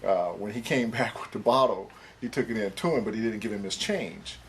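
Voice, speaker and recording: A man's voice: fairly low pitch, a little fast, creaky, slight background noise. A man in a documentary interview, telling an anecdote in a rambling way, full of uh and um. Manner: rambling storyteller, many fillers.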